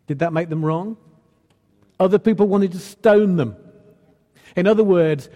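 A man's voice: high voice, warm tone. A man preaching a sermon in a church, earnest and building to emphatic repeated lines. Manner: earnest, rising to emphatic repetition. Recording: long hall reverb.

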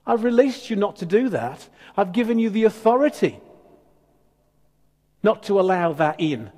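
A man preaching a sermon as pastor, emphatic and animated with conversational asides. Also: high voice, normal speed, long pauses. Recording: long church hall reverb.

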